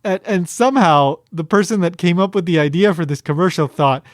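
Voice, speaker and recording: A man's voice: high-pitched, fairly quick, dry recording, clean studio sound. A man hosting a podcast in casual commentary, rambling with fillers and restarts and a wry, amused manner. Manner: wry, amused, breaks into chuckles. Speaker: podcast host.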